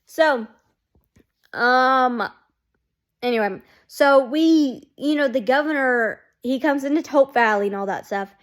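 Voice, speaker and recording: A woman's voice: high-pitched, slow pace. A woman chatting casually to her camera as a fan vlogger, rambling and saying "like" constantly. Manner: rambling, heavy use of "like", chatty. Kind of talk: casual chat.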